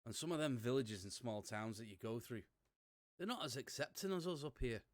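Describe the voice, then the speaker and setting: A man voicing a worried father in a tabletop game, with a put-on Scottish accent, louder and higher than his own voice. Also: lively intonation, a little fast, no echo, clean studio sound, natural voice. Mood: cautious.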